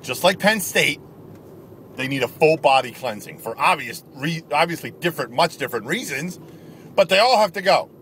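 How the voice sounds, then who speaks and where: An angry man rants straight to camera, hammering his points over and over. His voice sits high and swings widely in pitch, with faint traffic noise outside behind him. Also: lively intonation, moderate pace, fairly bright tone. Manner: angry, emphatic, repetitive. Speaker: video blogger. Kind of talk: ranting sports commentary to camera.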